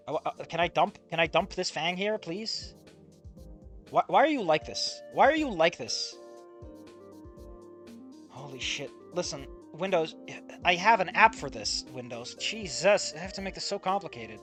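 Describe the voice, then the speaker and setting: Reacting live to a fan comic, a streamer gives casual, excitable commentary laced with swearing, swinging between shouted outbursts and low muttering.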